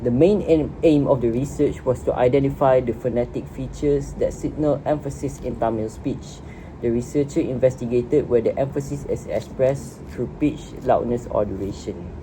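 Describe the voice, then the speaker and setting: A woman's voice: extremely low pitch, moderate pace. A woman giving a student class presentation in a noisy room and reading from prepared notes. She repeats a word here and there as she goes. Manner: reads prepared notes, repeats words at times.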